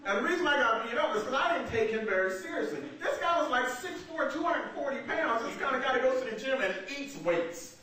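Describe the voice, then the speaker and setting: A man's voice: very high-pitched, lively intonation, brisk, few pauses. A man doing a stand-up comedy set in a small theater, talking conversationally and laughing through his punchlines. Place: small theater stage with audience. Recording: roomy echoey far-off amateur recording with loud noise.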